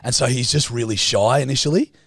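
Man with a gravelly voice. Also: mid-range voice, a little fast, fairly bright tone, no echo, studio quality. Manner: crude, teasing, laughs often. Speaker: podcast host. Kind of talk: casual podcast banter.

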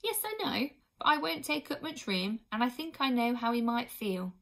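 A small young hag girl, grim and determined, with a high, bright voice that turns huffy and proud, as a woman reads her out. She pushes her case earnestly in a storybook reading. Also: expressive, moderate pace.

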